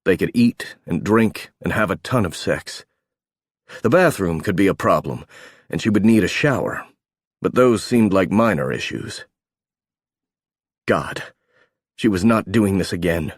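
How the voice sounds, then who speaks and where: A man with a low voice narrating an audiobook, steady and measured. The sound is dry and close to the mic, with no room at all. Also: no echo. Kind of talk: scripted narration.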